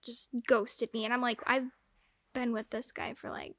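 A young woman telling a long personal story in casual chat, animated, saying "like" a lot and swearing freely. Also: a little high, moderate pace.

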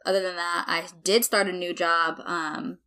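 A woman's voice: on the low side, normal speed, crowd noise. A young woman co-hosting a casual podcast chat, telling stories with lots of "like" fillers and acting out what people said. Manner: animated storyteller, acts out quotes, many "like" fillers. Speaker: podcast co-host.

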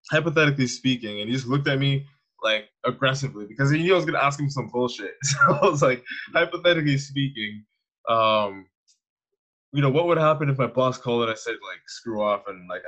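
Young canadian guy, lowish voice, slangy and laughing through his stories. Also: breathy edge, rough recording. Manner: slangy, animated storyteller who laughs often. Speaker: guest, online fitness coach. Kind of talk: casual conversational interview.

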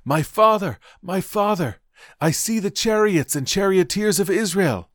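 A man's voice: lowish voice, moderate pace, no room sound, clean studio sound, voice pushed up, natural voice. A man voicing Elisha, an earnest young prophet. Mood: crying out.

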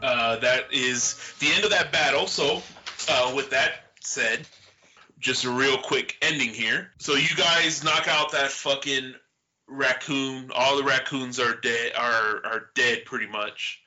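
Bright-voiced, slow-talking male game master. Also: medium pitch, lo-fi sound, a little hiss or hum. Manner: profane, laid-back, laughs often. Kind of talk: narrating a tabletop game.

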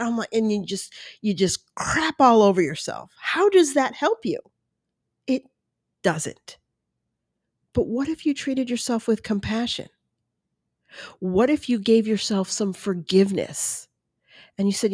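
A woman's voice: mid-range voice, animated, measured pace, a little mellow, no echo. A middle-aged woman talks casually on her own podcast, chatty and a little self-mocking. She acts out her own inner voice as she goes. Her voice sits in the middle range and is recorded close, in a dry, dead room. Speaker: podcast host. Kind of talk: casual solo podcast talk.

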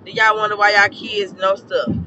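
A man with a hoarse, scorched throat, giving a blunt, profane and preachy casual rant as a podcast host. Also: high voice, flat delivery, normal speed, highs cut off, background noise.

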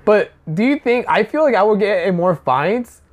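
A man's voice: high voice, animated, normal speed. A man hosting a casual podcast, telling stories with lots of swearing and laughter. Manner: profane, laughing storyteller. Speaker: podcast host and stand-up comic. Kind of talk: casual chat.

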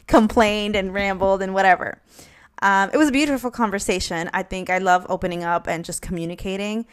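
A woman vlogger talking candidly to her viewers, rambling, swearing freely and often bursting into laughter. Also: fairly low pitch. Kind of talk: casual chat to camera.

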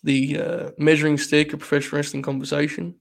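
Casual wrestling chat fills a live-streamed podcast where a man jokes and rambles with his co-host, laughing often. He talks fast with a fairly high pitch, flat delivery, and vocal fry.

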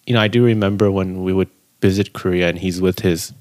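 A young man co-hosting a podcast, talking in a relaxed, rambling way with frequent restarts. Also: deep voice, brisk. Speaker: podcast co-host. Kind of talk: casual chat.

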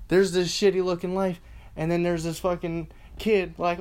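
A man's voice: high-pitched, flat delivery, moderate pace, darkish tone, clean tone. A man hosting a solo podcast, ranting in a rambling, profane and sarcastic way. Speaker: podcast host.

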